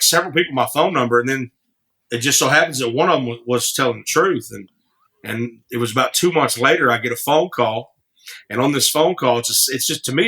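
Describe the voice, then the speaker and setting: A man, a singer-songwriter appearing as a podcast guest, tells casual stories that wander and keep restarting, and he laughs easily. His voice is mid-range and sharp in tone.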